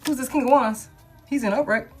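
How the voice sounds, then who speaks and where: A woman's voice: a little high, a little fast, soft background music. A woman giving a casual collective tarot reading, blunt and slangy, swearing freely and hyping the listener up. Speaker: tarot reader.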